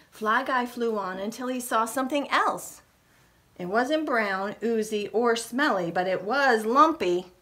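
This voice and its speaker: A middle-aged woman librarian reading a storybook aloud to young children. She speaks slowly and expressively in a slightly high voice, pausing often as she talks to her listeners. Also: sharp tone.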